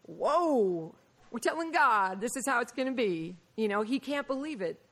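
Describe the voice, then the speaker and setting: A woman preaching a Bible lesson, mixing lively personal stories with scripture, and often laughing and acting out the voices of people in her stories. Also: on the high side, moderate pace. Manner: animated, laughing, acts out quoted voices. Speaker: Bible teacher. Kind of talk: sermon with personal storytelling.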